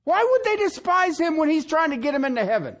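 Man, middle-aged pastor, preaching, animated, soft asides to shouting. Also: very high-pitched, quick pace. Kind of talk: sermon.

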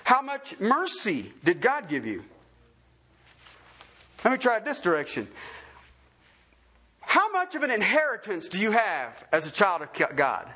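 A man's voice: high-pitched, measured pace, long pauses, husky. A man preaching a sermon, full of questions put to his listeners. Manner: animated, asks the congregation many questions. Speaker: pastor.

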